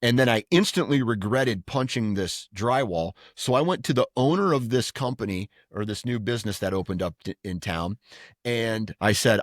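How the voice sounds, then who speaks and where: A man's voice: on the low side, normal speed, no room sound, clean studio sound. A middle-aged man co-hosting a podcast, telling stories in casual chat with many restarts. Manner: rambling storyteller with restarts. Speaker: podcast co-host.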